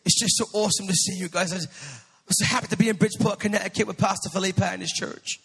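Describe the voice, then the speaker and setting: A man's voice: high-pitched, fairly even intonation, fast talker, vocal fry, fairly bright tone, slightly rough, exaggerated voice. A man imitating a cheerful visiting British pastor, with a put-on British accent and upbeat delivery. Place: church sanctuary. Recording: long church hall reverb.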